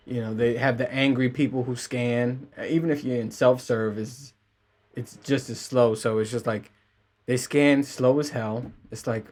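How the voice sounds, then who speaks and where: Young male host for a mid-pitched, rambling rant. Animated, profane, laughs at his own jokes. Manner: animated, profane, self-mocking storytelling with laughs. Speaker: podcast host. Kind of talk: casual ranting monologue.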